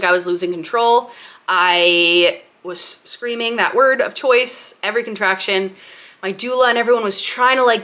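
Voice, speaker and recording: A woman's voice: medium pitch, pushed and bright. A young woman vlogger telling a personal story to camera in a chatty, candid way, laughing often and acting out what people said. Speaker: lifestyle vlogger.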